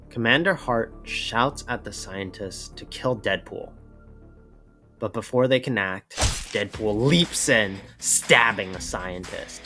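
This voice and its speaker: A man narrating a comic book story with a steady, even reading. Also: fairly low pitch, slow, faint music behind.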